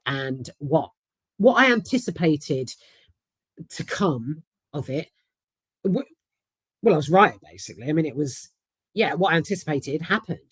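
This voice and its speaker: A woman's voice: low voice, lively intonation, measured pace, pauses often, slightly rough, no echo. A woman with a London accent, casually giving a candid, swear-filled film review. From South London. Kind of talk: casual chat.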